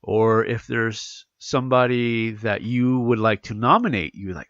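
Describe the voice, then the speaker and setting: A man talks through his podcast in a loose, rambling way, and his voice sounds stuffy and congested. His pitch rises and falls a lot, with a gravelly edge underneath. The sound is dull and lo-fi, recorded dry and close with no room echo. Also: normal speed, few pauses. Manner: rambling, animated, self-correcting. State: congested from allergies. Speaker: podcast host. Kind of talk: casual solo podcast chat.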